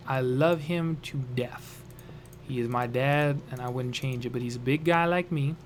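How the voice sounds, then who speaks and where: A man's voice: medium pitch, normal speed, slight background noise. A young man casually telling a funny family story on a vlog, rambling and joking. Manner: rambling, lots of fillers and restarts, jokey.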